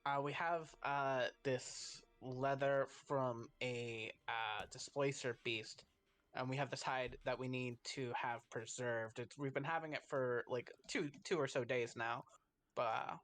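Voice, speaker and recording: A man player talking casually in character, with hesitant, halting speech. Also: mid-range voice, steady tone, fairly bright tone. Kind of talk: casual in-character game talk.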